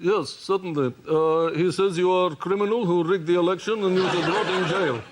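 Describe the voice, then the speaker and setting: A stern Kremlin official, played by a man, high-pitched and deadpan. The sound is noisy, with a studio audience behind. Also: brisk, close to an everyday voice. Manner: deadpan, cold. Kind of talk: improvised comedy sketch.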